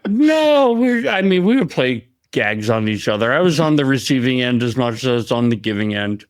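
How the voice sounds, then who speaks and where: Man with a smooth, dry voice, rambling. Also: mid-range voice, fairly quick, no echo. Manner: rambling, laughing storyteller. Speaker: podcast co-host. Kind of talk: casual podcast chat.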